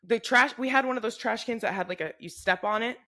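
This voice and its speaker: A young woman co-hosting a podcast, telling a story in a casual, animated, profane way and acting out what people said. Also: fairly high pitch, fast talker. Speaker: podcast co-host. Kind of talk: casual chat.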